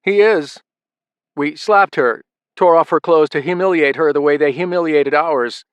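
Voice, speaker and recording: A man's voice: a little high, unhurried, clean tone, dry recording, lo-fi sound, pitched above the performer's own voice, close to an everyday voice. A man doing a frantic, frightened young son. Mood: frightened pleading. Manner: pleading, frantic.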